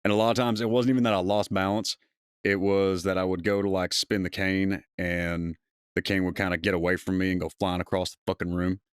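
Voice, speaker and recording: Deep smooth-voiced guy rambling and swearing on a podcast, dry sound. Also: flat delivery, fairly quick, no room sound. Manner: swears freely, rambling storyteller. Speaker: co-host. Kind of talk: casual chat.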